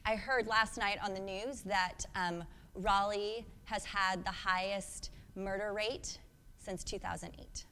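A woman's voice: medium pitch, steady tone, slow, sharp tone, long reverb tail, slight background noise. A woman in her thirties preaching a sermon, earnest and reflective, asking the congregation questions. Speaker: pastor.

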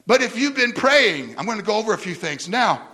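A male preacher delivering a sermon in a high, very bright voice. His pitch swings widely as he tells his story, and he often stumbles into restarts and repeats words. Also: very animated, fairly quick.

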